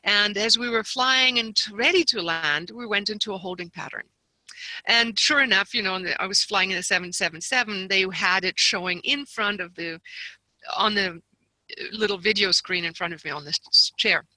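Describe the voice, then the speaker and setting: A woman guest telling a personal story with lots of animation, slipping into quoted voices and laughing as she goes. Her tone is piercingly bright, and the recording is completely dry, with no room sound at all. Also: mid-range voice, normal speed, no echo, low-quality recording. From lives near Seattle. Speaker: guest author and seminar leader. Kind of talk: storytelling in a conversation.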